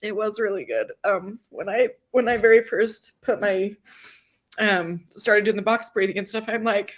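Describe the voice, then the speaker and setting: A woman's voice: medium pitch, moderate pace. A woman hosting a live stream, chatting casually with many fillers, emotional and tearful at times. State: crying at times. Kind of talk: casual chat.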